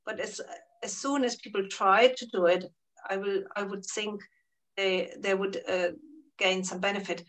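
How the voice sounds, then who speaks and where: A woman, a Buddhist therapist and teacher, answering interview questions in a calm, explanatory way, sometimes dropping very soft. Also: mid-range voice, measured pace, far from the mic, poor audio.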